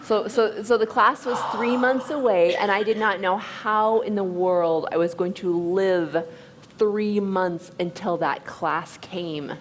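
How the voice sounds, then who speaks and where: A woman's voice: medium pitch, fairly even intonation, slow pace, slight background noise. A woman casually adding her side to a story told with her partner. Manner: chimes in to finish and correct his story.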